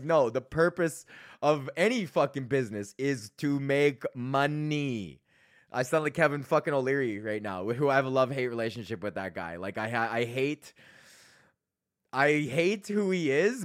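A man's voice: mid-range voice, fairly bright tone, no room sound, clean studio sound. A young man from Canada hosting a podcast, ranting casually, swearing a lot, rambling and laughing often. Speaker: podcast host.

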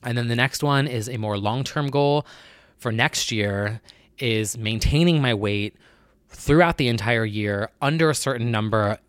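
Guy vlogging about his life, kinda nasal, rambles and restarts a lot, mid pitch, dry close mic. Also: a little slow, smooth, dry recording. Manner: earnest, rambling, self-correcting. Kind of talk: candid personal vlog.

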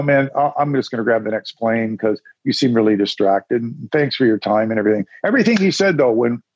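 A man's voice: on the low side, darkish tone, husky, no room sound, muffled recording. A man telling stories as an interview guest in a rambling, casual way, acting out the voices of people he quotes. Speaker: guest, musician and former radio announcer. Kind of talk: casual storytelling.

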